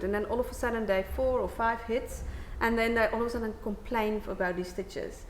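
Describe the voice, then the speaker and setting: A woman's voice: a little high, fairly quick, hardly any pauses. Woman midwife, reassuring, explanatory, echoey room. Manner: warm, reassuring, explains with restarts. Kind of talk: casual advice chat.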